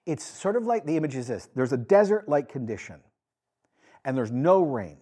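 Male pastor, husky voice, animated preaching with dramatized quotes. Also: medium pitch, moderate pace. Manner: animated, acts out quoted lines with rising emphasis. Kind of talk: sermon.

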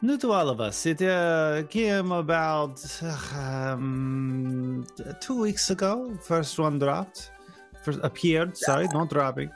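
A game master plays an eccentric man who loves art, speaking in a shaky put-on French accent that keeps slipping further east. He rambles philosophically, stalling on ums and restarts, over soft background music. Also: medium pitch, expressive, slow pace. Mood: musing. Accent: put-on French slipping Eastern European. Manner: hesitant, rambling, full of ums. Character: odd male art lover, fake French accent. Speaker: passerby in a fantasy town. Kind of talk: improvised tabletop role-play.

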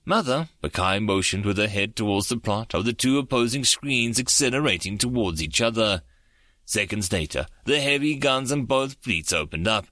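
A man reading an audiobook in measured, steady scripted narration. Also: lowish voice, no room sound, studio quality.

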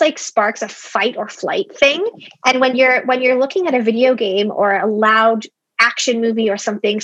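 A woman's voice: fairly high pitch, fairly bright tone, dry recording, rough recording. A young adult woman, a founder guest in a casual interview, talking candidly and chattily with lots of "like". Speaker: app company founder as guest.

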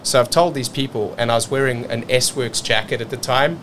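A man from South Africa telling a story as a podcast guest, energetic and repeating words as he rushes on. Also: medium pitch, a little hiss or hum. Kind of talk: casual storytelling.

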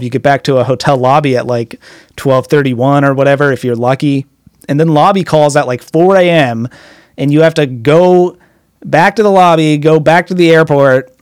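A young man in his twenties casually telling rambling stories about drumming and touring, swearing freely and getting excited in asides. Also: mid-range voice, no room sound, clean studio sound. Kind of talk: casual storytelling.

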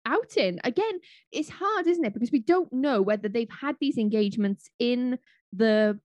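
A woman's voice: on the high side, a little mellow, no room sound. A woman co-hosting a casual chat show, gushing and chatty with fillers and laughs. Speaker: co-host.

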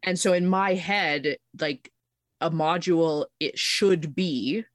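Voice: medium pitch, slow, dry recording, studio quality. A player on a tabletop podcast, chatting casually and emphatically.

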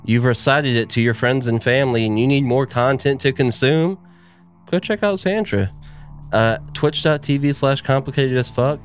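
A man's voice: mid-range voice, fairly even intonation, normal speed, hardly any pauses, soft background music. A man, co-hosting a podcast and jokingly running through the show's links and plugs. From US South. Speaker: podcast co-host. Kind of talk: casual podcast outro chat.

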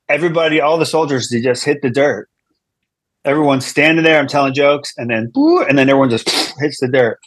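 A man's voice: medium pitch, fairly bright tone, dry recording. A man, a comedian guest, telling a long story in casual chat, rambling with restarts and asides.

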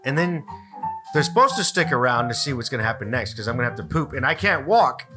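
Man, podcast host, swearing storyteller, lively ups and downs, music playing underneath. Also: mid-range voice, quick pace. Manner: profane, animated, acts out his own yelling. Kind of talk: casual storytelling.

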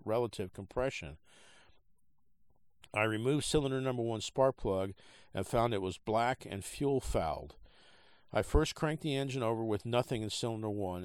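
Low-voiced man reading with hiccups. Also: darkish tone, dry recording. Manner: halting, many fillers and restarts. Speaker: podcast host. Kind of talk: casual reading of a trade article.

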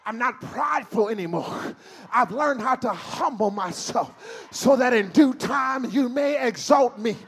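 A man preaching a sermon in a church, chanting lines in a sing-song way, rising to shouts and falling to soft murmurs as he leads the congregation. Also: very high-pitched, expressive, unhurried, vocal fry. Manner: sing-song call-and-response preaching, swells to shouts then drops to near murmurs.

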